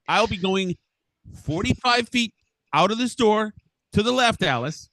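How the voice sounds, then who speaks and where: A man's voice: high-pitched, animated, a little fast, bright, forceful tone, dry recording. A middle-aged man hosting a podcast, ranting furiously and swearing with sputtering restarts. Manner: furious, profane, sputtering rant. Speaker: podcast host. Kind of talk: angry ranting monologue.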